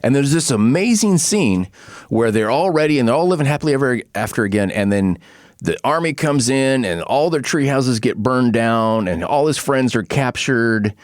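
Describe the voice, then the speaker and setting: Animated storytelling male podcast host. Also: medium pitch, moderate pace, no echo, clean studio sound. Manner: animated storyteller, acts out quotes, laughs often. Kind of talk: casual podcast chat.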